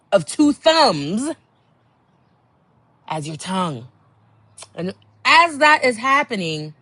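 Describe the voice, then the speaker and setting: A young woman hosting a podcast, telling a candid story in a blunt, exasperated way, dropping to low murmurs and jumping to high outbursts. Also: pushed and bright, no room sound. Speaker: podcast host.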